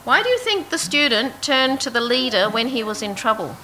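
Woman preaching bible study, bright voice, kinda high, asks the crowd stuff, faint room hum. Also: sing-song, brisk, rough recording. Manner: asks the audience questions, reads verses aloud. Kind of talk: interactive Bible teaching.

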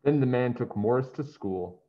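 A man's voice: mid-range voice, normal speed. A man reading a children's picture book aloud, adding friendly asides. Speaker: storybook reader. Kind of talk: children's story read-aloud. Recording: dull lo-fi sound.

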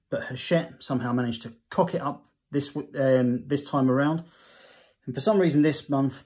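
A man's voice: mid-range voice, a little mellow. Casual male hobby reviewer; chatty, reads magazine text aloud, stumbles and self-corrects.

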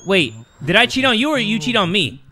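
High, jumpy man screaming through a horror game. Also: sing-song, fairly quick, background noise. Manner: jumpy and joking, breaks into loud screams. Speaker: gaming YouTuber. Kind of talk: let's-play horror game commentary.

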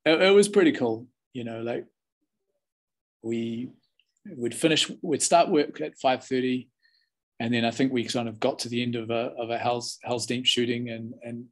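A man's voice: mid-range voice, normal speed. A man in his forties with a New Zealand accent, telling stories as an interview guest in a laid-back, chatty way with lots of restarts. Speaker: interview guest, former film extra. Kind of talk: casual storytelling.

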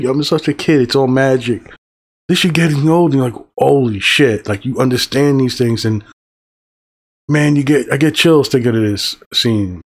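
A man in his fifties giving a casual spoken film review, excited and profane, rambling with fillers. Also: mid-range voice. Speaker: movie reviewer.

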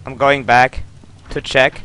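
A man's voice: mid-range voice, flat delivery, takes it slowly, clear, resonant tone, rough recording. A young man commentating his own horror game playthrough, jumpy and swearing a lot, muttering to himself between scares. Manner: jumpy, swears a lot, yells when startled. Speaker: let's play gamer.

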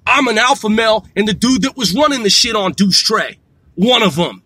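Man in his forties, high bright voice, brash profane ranting, dry close sound. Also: expressive, fairly quick, breathy edge, dry recording. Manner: brash, trash-talking, swears constantly, drawls "man". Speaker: vlogger. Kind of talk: profane boastful rant to camera.

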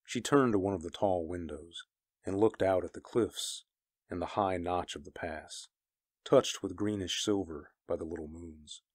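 A man narrating a story, reading in a grave and measured way. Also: deep voice, no room sound, clean studio sound. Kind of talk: scripted narration of pulp fiction.

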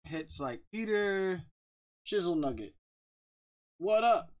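A man streaming a game live, chatting casually, reading out viewer shout-outs, joking and laughing often. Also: high voice, takes it slowly. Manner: bursts of loud excited talk.

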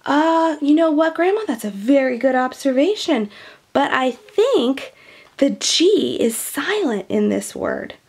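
This children's storyteller is a woman with a high, expressive voice carrying a slight gravelly fry. She reads a picture book aloud slowly, pausing warmly to explain words, and her manner is gentle, chatty and teacherly.

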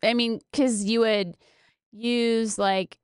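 A woman's voice: a little high, steady tone, slow pace, clear, resonant tone, dry recording, studio quality. A woman in her thirties co-hosting a podcast, chiming in with supportive comments and short agreements. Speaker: podcast co-host. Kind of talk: casual chat.

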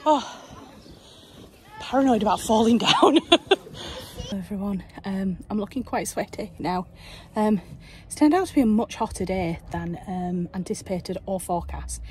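A woman with a Yorkshire accent, chatting enthusiastically to her handheld camera on a day trip and dropping to a hush indoors. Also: mid-range voice, expressive, measured pace, slight background noise. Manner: chatty and enthusiastic, hushed in the museum. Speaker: vlogger. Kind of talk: casual chat to camera. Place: historic house and grounds on a day trip.

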